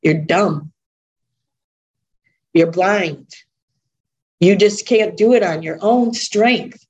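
A woman preaches in an unhurried, measured way. Her delivery is earnest and conversational, and she often repeats her points for emphasis. Her voice sits at a middle pitch for a woman. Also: poor audio. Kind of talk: sermon.

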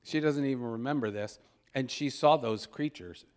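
A man preaching a storytelling sermon, animated and chuckling, who breaks into loud exclamations when he acts out moments. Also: medium pitch, normal speed. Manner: animated, shouts out quoted exclamations; chuckles while telling stories.

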